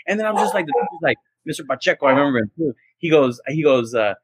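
A man's voice: mid-range voice, quick pace, hardly any pauses, no echo. A man co-hosting a podcast, telling stories in casual chat and acting out the voices of people he quotes. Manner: animated, acts out quoted voices. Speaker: podcast co-host.

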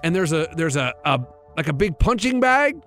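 A man's voice: a little high, moderate pace, soft background music. A man in his thirties, a radio show co-host, telling a rambling story and acting out the voices in it. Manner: rambling animated storytelling, acts out quotes. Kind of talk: casual chat, storytelling.

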